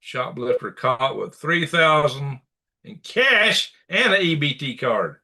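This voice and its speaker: A man's voice: on the high side, very animated, takes it slowly, bright, forceful tone. A man hosting a commentary show, reacting to clips with blunt, indignant rants and repeated insults. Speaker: news commentary host.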